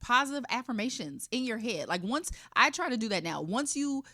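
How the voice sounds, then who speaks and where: A woman's voice: on the high side, sing-song, brisk, pushed and bright. A woman co-hosting a podcast in casual chat, emphatic and supportive. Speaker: podcast co-host.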